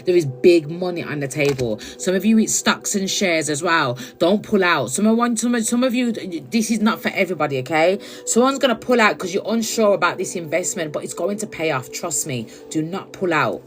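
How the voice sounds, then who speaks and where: Woman, live phone tarot reader, blunt and chatty with swearing, clear music playing behind. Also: on the low side, expressive, fairly quick, few pauses. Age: adult. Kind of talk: live-streamed tarot reading.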